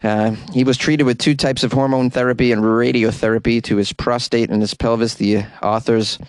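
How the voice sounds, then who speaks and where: A man's voice: mid-range voice, no echo. A man hosting a comedy news podcast, reading with wry asides and stumbling over hard words. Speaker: podcast host. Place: closet.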